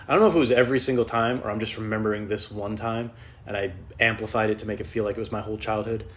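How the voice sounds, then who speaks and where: A man's voice: on the low side, fairly even intonation, racing, a bit bright, slight background noise. A man hosting a podcast, ranting casually on his own, rambling and swearing often, restarting his sentences as he goes. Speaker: podcast host. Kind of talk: casual solo rant.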